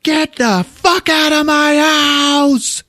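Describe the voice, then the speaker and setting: A man voicing an exasperated young woman who swears as she throws people out of her house, in a lively, raised voice. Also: lowish voice, moderate pace, dry recording, clean studio sound. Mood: furious. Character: furious young woman, new homeowner, fed up.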